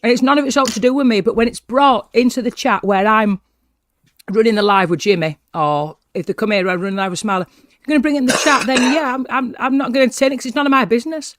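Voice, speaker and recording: A man's voice: extremely high pitch, fast, fairly bright tone, a little hiss or hum. A man hosting a live stream, chatting casually in a rambling, sweary way. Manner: sweary, rambling, laughing, chewing while talking. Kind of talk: casual chat.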